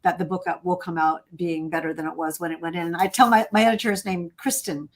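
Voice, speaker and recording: A woman hosting an author interview, talking in an effusive, animated way and reading out audience questions. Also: on the low side, fast. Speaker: interview host. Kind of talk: conversational interview.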